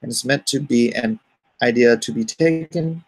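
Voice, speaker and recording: A man's voice: mid-range voice, normal speed. A middle-aged man hosting a casual live stream as an artist, rambling and reading viewer comments aloud before answering them.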